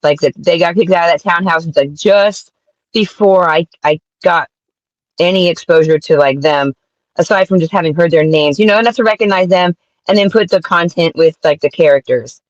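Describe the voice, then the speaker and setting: A woman guest on a stream with a lower voice who rambles bluntly and leans on "like" between her thoughts. Her audio sounds dull and lo-fi, and dry with no room around it. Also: moderate pace, dry recording. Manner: rambling, filler-heavy, blunt. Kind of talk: casual call-in chat.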